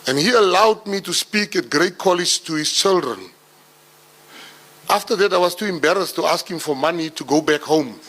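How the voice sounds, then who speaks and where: South African man, middle-aged, brisk storyteller, bright forceful tone, voice sits a bit high. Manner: animated, comic storyteller. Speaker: public speaker. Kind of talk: storytelling talk.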